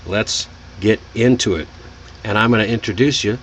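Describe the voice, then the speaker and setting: A man's voice: fairly low pitch, a little hiss or hum. A man from Texas, teaching an online English pronunciation lesson. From Texas, United States. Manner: slow, lively, animated delivery.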